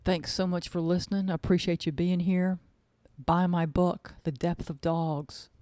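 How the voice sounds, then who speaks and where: A woman's voice: on the low side, level tone, moderate pace, mellow, no room sound. A woman hosting her own podcast as an author, chatting casually in a gushing, rambling way and repeating words for emphasis. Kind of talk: casual chat.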